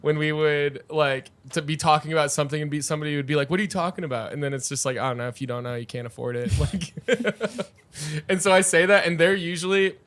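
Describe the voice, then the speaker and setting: A man's voice: a little high, steady tone, brisk, fairly bright tone. A man, a bartender co-hosting a podcast, telling profane stories from behind the bar and acting out his customers. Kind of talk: casual chat.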